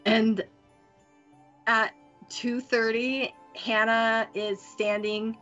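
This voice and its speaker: A woman's voice: fairly high pitch, flat delivery, extremely slow, fairly bright tone, soft background music. A woman narrating as game master of a tabletop game, hesitant with many fillers. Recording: muffled lo-fi audio.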